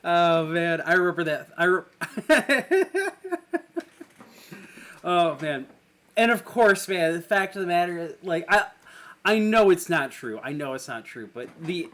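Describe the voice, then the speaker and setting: A man's voice: a little high, a bit bright. A man co-hosting a casual podcast chat, rambling and trailing off mid-sentence, laughing often. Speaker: podcast co-host.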